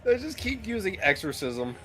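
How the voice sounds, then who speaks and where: Bright-voiced teasing gamer. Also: medium pitch, big pitch swings, soft background music. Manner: teasing, quick to laugh. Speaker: co-player. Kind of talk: casual banter while gaming.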